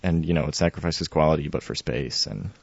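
Very deep-voiced laid-back man. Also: fairly quick, vocal fry, slightly rough, no room sound. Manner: laid-back, explains tech with mild swearing and jokes. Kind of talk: casual chat. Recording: dry, dull lo-fi sound.

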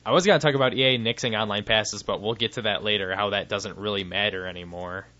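A man's voice: fairly low pitch, fairly even intonation, quick pace, pushed and bright, lo-fi sound. A man co-hosting a podcast in casual chat, rambling and cutting himself off, laughing often. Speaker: podcast co-host.

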